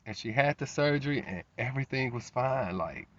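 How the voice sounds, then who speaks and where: A man pours out a rambling, emotional story, backing up and restarting as he goes. His voice sits at an ordinary middle pitch. The recording is a little dull and lo-fi. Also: expressive, fairly quick, fairly bright tone, no room sound. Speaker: vlogger. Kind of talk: emotional personal monologue.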